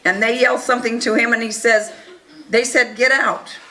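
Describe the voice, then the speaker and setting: A woman telling an audience a first-person story in an earnest, animated way, acting out the dialogue. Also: on the high side, normal speed, rough recording. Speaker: speaker recounting events to an audience.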